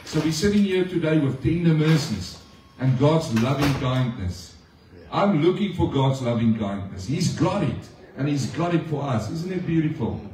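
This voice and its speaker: A man's voice: a little high, animated, moderate pace, far from the mic, background noise. A male pastor giving a conversational sermon to his congregation, often asking them questions. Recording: echoey room, speaker off-mic.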